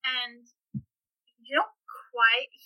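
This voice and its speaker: A woman's voice: sits high, drawn-out words, bright, forceful tone, poor audio. A woman narrating a tabletop role-playing game as game master, describing scenes in a descriptive way and often laughing.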